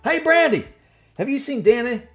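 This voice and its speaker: A man voicing a heavyset, crude, grumbling handyman who yells and swears. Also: very high voice, very animated, moderate pace, soft background music, pitched above the performer's own voice. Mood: griping, shouting. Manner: shouting, cursing, complaining.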